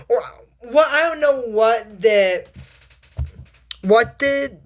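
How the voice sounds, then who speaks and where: Rambling casual cartoon recapper. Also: medium pitch. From United States. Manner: rambling with tangents, acts out characters' lines with animated shifts. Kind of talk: casual retelling of a cartoon episode.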